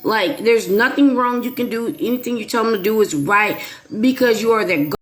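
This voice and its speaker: A woman hosting her own channel, telling a personal story to viewers in an animated, emphatic way with playful asides. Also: a little high, moderate pace. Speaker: YouTube channel host. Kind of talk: casual storytelling monologue to viewers.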